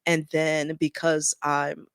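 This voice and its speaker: A woman's voice: low voice, flat delivery, slow pace, fairly bright tone, clear, resonant tone, no echo. A woman guest on a podcast, telling her story in an earnest, heartfelt way in a conversational interview.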